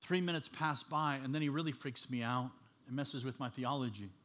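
A man preaching a sermon as an animated, humorous storyteller. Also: medium pitch, brisk.

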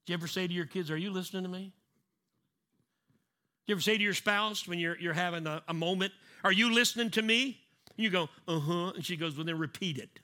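Bright-voiced man preaching. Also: sits high, fairly even intonation, fast. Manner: conversational preaching, acts out little scenes; repeats key lines for emphasis. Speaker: pastor. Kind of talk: sermon.

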